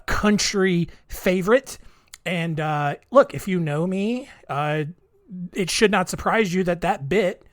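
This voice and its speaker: A man hosting a podcast solo, rambling casually with lots of fillers and restarts. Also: fairly high pitch. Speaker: podcast host.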